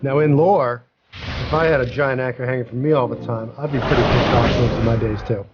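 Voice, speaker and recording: A man's voice: mid-range voice, fairly even intonation, a little fast, muffled recording, very noisy. A man with a Boston accent, chatting casually and joking during a game stream. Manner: joking, rambling with restarts. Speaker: guest game developer. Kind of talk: casual let's play chat.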